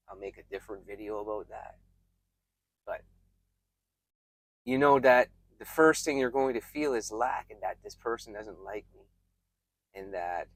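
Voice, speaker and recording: A man giving reflective, emphatic self-help advice straight to his viewers, pausing often and restarting his sentences. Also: mid-range voice, no room sound. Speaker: self-help video creator. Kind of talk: earnest self-help talk to camera.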